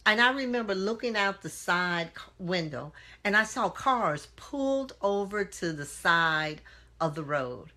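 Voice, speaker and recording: A woman's voice: medium pitch, animated, measured pace, pushed and bright. A woman speaking as an inspirational speaker on a live stream, earnest and full of rhetorical questions, greeting viewers by name. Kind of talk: motivational talk to live viewers.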